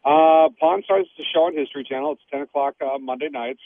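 A man's voice: on the high side, fast talker, a little hiss or hum. A man being interviewed as a guest over the phone, talking casually with frequent ums. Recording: tinny phone line.

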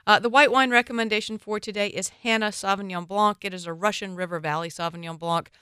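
Bright, chatty woman wine commentator. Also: mid-range voice, fairly even intonation, fast, smooth, no echo, clean studio sound. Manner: opinionated and chatty, with punchy asides. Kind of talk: casual wine commentary segment.

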